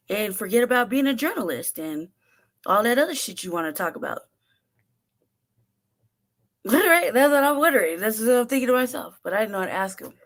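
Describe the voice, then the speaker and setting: A woman host telling a story in a casual, profane, animated way, laughing often and acting out what people said. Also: fairly high pitch, moderate pace, pauses often. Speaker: show host.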